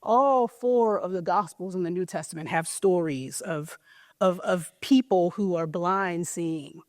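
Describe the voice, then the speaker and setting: A woman's voice: fairly low pitch, unhurried, no echo, studio quality. A woman giving a conversational sermon, retelling a story casually with lots of filler words. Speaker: preacher. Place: church service.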